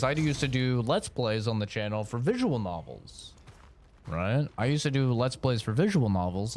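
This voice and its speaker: A man's voice: medium pitch, a little hiss or hum. A man streaming a game, chatting in a rambling, casual way full of fillers. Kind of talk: live-stream gaming commentary.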